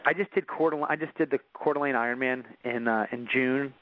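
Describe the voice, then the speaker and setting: A man's voice: mid-range voice, quick pace. A man as an interview guest, telling a personal story in earnest with frequent restarts. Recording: dull dry recording.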